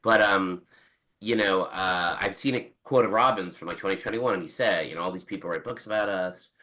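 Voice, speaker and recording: A man's voice: low voice, fairly quick, sharp tone, low-quality recording. A man in his forties, a book's author, chatting as a guest on a podcast in a rambling way with many restarts and quoted asides. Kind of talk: casual podcast interview.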